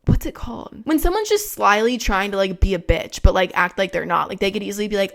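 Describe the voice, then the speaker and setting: A young woman in her twenties hosts a podcast in loose, casual chat. She rambles, swears freely and leans on fillers as she goes, with a voice of ordinary female pitch. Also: animated, fast, gravelly. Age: 20s. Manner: frank, profane, rambling with many fillers. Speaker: podcast host.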